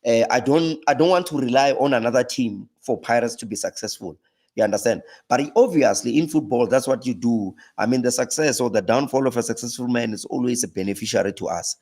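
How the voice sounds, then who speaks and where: South African man, casual pundit guest, leaps up in pitch when excited. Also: fairly quick. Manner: animated, pitch jumps high when laughing or exclaiming, frequent restarts. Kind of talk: casual chat.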